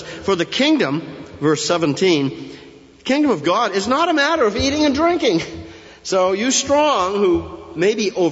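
A middle-aged male pastor preaching an expository sermon, with emphatic rises and quick asides. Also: fairly high pitch. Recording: muffled, lo-fi sound in a reverberant hall.

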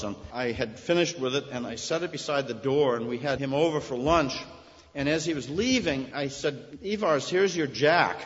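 A male pastor preaching an earnest, storytelling sermon in a church, rising to emphatic peaks. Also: medium pitch. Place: church sanctuary. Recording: echoey hall, dull sound.

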